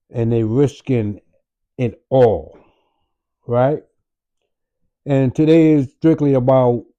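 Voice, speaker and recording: A man hosting his own casual monologue show, switching between loud greetings and a slow, loose talk with fillers and profanity. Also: medium pitch, dry recording, muffled recording.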